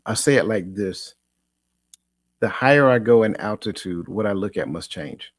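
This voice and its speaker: A man with a fairly low voice hosts a coaching talk show, animated and a bit preachy. He repeats himself as he works up to a point and laughs easily. The sound is dry and close. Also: normal speed, dry recording. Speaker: podcast host. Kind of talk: casual chat.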